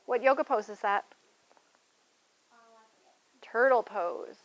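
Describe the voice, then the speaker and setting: A woman's voice: a little high, slow, rough recording. A young adult woman guiding a children's yoga class with playful, sing-song encouragement.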